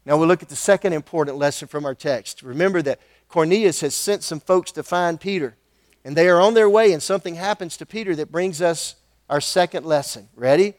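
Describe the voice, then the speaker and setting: Male preacher with a high, bright voice, animated sermon style, dry close-miked sound. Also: fairly quick, no echo. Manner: animated, conversational asides and questions to the congregation.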